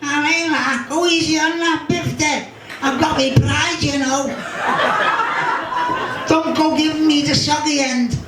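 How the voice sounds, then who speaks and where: A man doing a high cheeky young Scouse lad. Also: fairly even intonation, measured pace, pauses often, very noisy. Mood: indignant. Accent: Liverpool. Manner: bantering, squeamish and indignant. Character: cheeky young Liverpool lad sharing a cigarette. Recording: echoey room from far off with a crowd.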